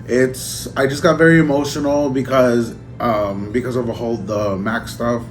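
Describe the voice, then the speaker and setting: A man in a casual unboxing vlog who talks in an emotional, halting way, choking up and trailing off. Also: medium pitch, steady tone. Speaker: vlogger. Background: music.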